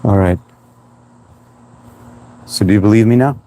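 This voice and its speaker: A man hosting a casual livestream outdoors, chatting and reading comments in a relaxed, laughing way, with an accent that blends Indian and New England. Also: on the low side, unhurried, poor audio. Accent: mix of Indian and New England. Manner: relaxed, chatty, laughs often, trails off in restarts. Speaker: livestream host. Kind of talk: casual live-stream chat reading comments.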